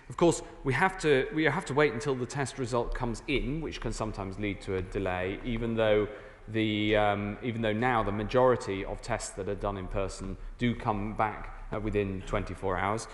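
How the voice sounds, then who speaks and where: Man in a hall-like echoing chamber. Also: lowish voice. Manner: halting, filled with uh and um. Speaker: government minister answering MPs. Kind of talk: parliamentary statement. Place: large debating chamber, indoors. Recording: echoey chamber with long reverb.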